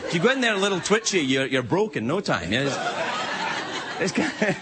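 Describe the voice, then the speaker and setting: Scottish male late-night host, wry and rambling, higher than most men, TV studio with audience and noise. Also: big pitch swings, brisk, a loud crowd. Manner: wry, rambling, jumps into silly voices. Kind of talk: stand-up monologue.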